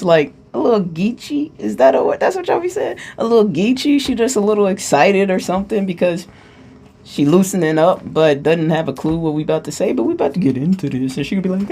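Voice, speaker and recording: A woman giving a casual channeled spiritual talk, playful and chatty, who often checks in with her listeners and at times eases into a hushed, calming voice. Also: medium pitch, fast. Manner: playful, chatty, asks "you get what I'm saying".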